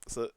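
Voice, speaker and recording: A young man co-hosting a podcast, telling stories in a chatty, blunt and joking way. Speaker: podcast co-host. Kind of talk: casual chat.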